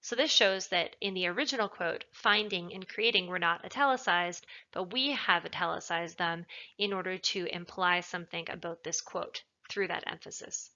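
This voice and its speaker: A woman tutor giving a recorded writing lesson, explaining clearly and stressing key words. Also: lowish voice, moderate pace, bright, forceful tone, dull audio. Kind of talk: recorded lecture narration.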